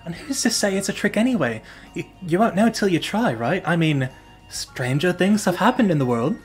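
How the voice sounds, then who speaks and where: A man's voice: high voice, very animated, moderate pace, soft background music, voice pushed up. A man voicing a boastful young male wandering musician who talks in a grandiose, theatrical way. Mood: coaxing.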